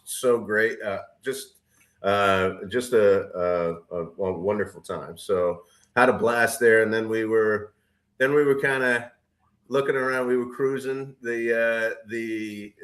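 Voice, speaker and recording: A man's voice: fairly low pitch, fairly bright tone. A man co-hosting a casual podcast chat, rambling with many fillers and restarts. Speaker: podcast co-host.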